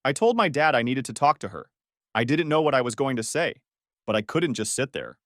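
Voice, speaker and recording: An expressive male narrator tells a family drama in the first person, his pitch swinging widely and angry outbursts erupting in quoted lines. He speaks a little fast, and the recording is dry and close with no echo.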